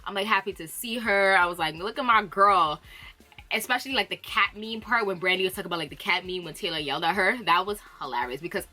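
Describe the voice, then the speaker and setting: A woman with a fairly low-pitched yet bright, forward voice talks through a reality show recap. She is chatty and animated, drops playful slang and laughs easily between thoughts. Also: fast, few pauses. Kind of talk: casual recap chat.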